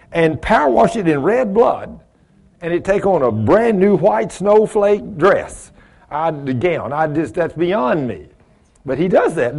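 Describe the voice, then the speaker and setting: A man's voice: sits high, a little mellow. A man teaching a Bible study in a folksy, conversational way, asking the group questions and acting out little exchanges. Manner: folksy, asks the group questions, acts out dialogue.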